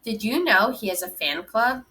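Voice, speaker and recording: A woman's voice: mid-range voice, animated, moderate pace, sharp tone, slight background noise. A woman reading aloud, voicing an exasperated mother who keeps issuing warnings. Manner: tense, warning.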